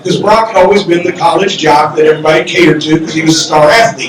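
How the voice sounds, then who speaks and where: An older man telling a profane comedic story on stage at a live podcast, loud and animated, acting out the quotes. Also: on the high side, quick pace, few pauses, distant mic. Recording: roomy echoey club from the mic.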